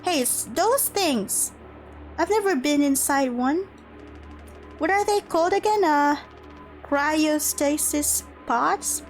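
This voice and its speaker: A woman's voice: high-pitched, slow, faint music behind. Woman reading as a laid-back surfer-dude crewman. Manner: easygoing, filler-heavy, hesitant. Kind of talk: reading game dialogue aloud.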